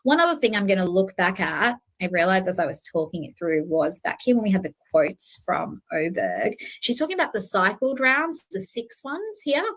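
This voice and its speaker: A woman's voice: medium pitch, lively intonation, normal speed, few pauses. A woman hosting a true-crime channel, talking casually to her viewers in an earnest, self-correcting way with many fillers.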